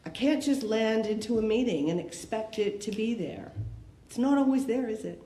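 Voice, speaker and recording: A Canadian woman gives a candid personal share at a recovery meeting, her fairly high, mellow voice lively in intonation at a moderate pace. She asks rhetorical questions conversationally, recorded in an echoey room with faint noise.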